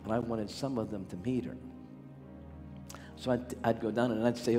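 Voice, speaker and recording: A man's voice: medium pitch, moderate pace, pauses often, a little mellow. An older man preaching a revival sermon as a healing evangelist, calling out to the crowd. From Pittsburgh area, USA. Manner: exhorting, calls out to the crowd. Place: large church sanctuary. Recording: reverberant hall with music.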